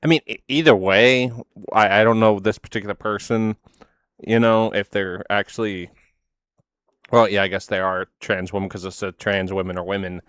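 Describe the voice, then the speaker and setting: A man's voice: lowish voice, steady tone, normal speed, fairly bright tone, clean tone, dry recording, studio quality. A man hosting a reaction video, talking casually in a rambling, sarcastic way with lots of "like".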